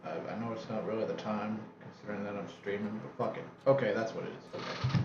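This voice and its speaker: A man's voice: on the low side, fairly even intonation, fast talker, roomy sound, dull audio, background noise. A man streaming a game, talking to himself in an offhand, muttering way with casual swearing.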